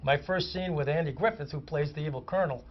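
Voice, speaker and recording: A man, a comic actor, telling lively anecdotes as a guest on a chat show. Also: a little high, quick pace. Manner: animated raconteur, vivid descriptive detail. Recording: muffled lo-fi audio.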